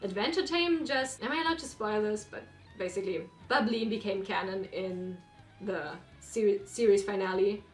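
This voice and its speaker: A woman's voice: mid-range voice, normal speed, soft background music. A woman hosting a reaction video, chatting casually and rambling, with apologetic asides. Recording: roomy echo.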